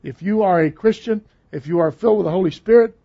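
A man's voice: high-pitched, fast, vocal fry, warm tone. A man preaching a sermon in a conversational, emphatic way, repeating phrases for stress. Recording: dull lo-fi recording.

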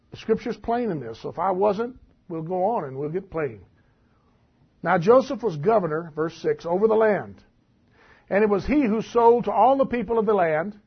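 A man's voice: high voice, slightly rough. A man preaching a conversational Bible-teaching sermon in a folksy way, asking the congregation questions as he reads through the text. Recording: dull lo-fi recording.

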